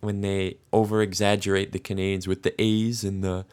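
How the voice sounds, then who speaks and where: A man's voice: low voice, little pitch movement, darkish tone, clean tone. A man from New York with a New York accent, hosting a casual interview in a friendly, joking way. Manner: friendly, joking, quick to laugh. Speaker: podcast host.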